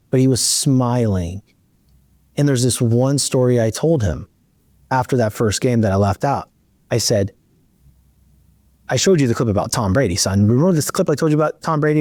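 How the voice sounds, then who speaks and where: A man's voice: mid-range voice, dry recording. A middle-aged man hosting a podcast, telling a long story in a casual chat and acting out the dialogue. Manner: animated, acts out dialogue in his storytelling. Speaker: podcast host.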